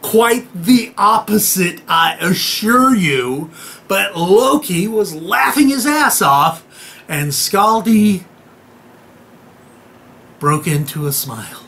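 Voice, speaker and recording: A man spins an old myth into a bawdy comic tale, speaking straight to his listeners with an irreverent, joking edge. His pitch swoops up and down with plenty of life. He takes his time over each line, letting the jokes land slowly. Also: expressive, sharp tone. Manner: irreverent, jokey, talks straight to the audience; acts out voices and noises in the tale. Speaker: storyteller.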